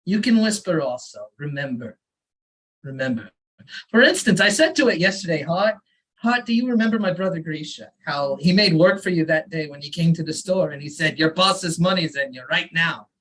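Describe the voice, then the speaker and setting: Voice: medium pitch, expressive, a little fast, fairly bright tone, husky, rough recording. A performer voicing an elderly immigrant father who lectures earnestly, reading a story aloud at an open mic. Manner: fussy, insistent advice-giving.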